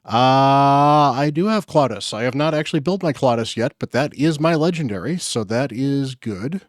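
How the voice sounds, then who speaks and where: Running his own gaming channel, a man comments casually on gacha summons at a moderate pace. His medium-pitched voice has lively intonation, he uses lots of fillers in an upbeat mood, and the recording is dry and studio-clean.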